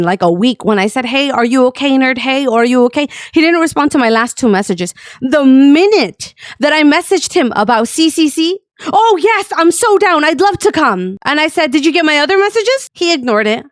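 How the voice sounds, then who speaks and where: A woman telling an animated storytime rant to her community, acting out people in mocking voices and swearing freely. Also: high voice, no room sound, studio quality. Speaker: streamer and community owner.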